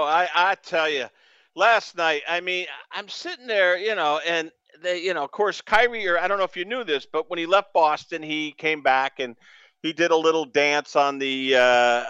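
A man from New England hosting a sports radio show, rambling excitably with stammering restarts. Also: a little high, clean tone, no room sound, lo-fi sound.

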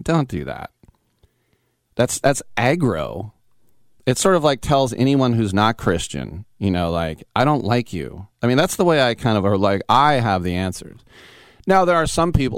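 Sports talk host, male, low-ish smooth voice, dry studio sound, wanders off on tangents. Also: dry recording. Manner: rambling, digressive, wry. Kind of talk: opinionated sports talk monologue. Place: radio studio.

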